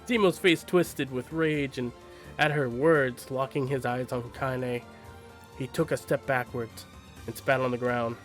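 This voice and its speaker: Male streamer narrating a book, casual, mid-pitched, easygoing asides. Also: fairly even intonation, a little slow, soft background music. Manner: casual, stops for asides and laughs at slips. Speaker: streamer reading a novel aloud. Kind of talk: live-stream read-aloud narration.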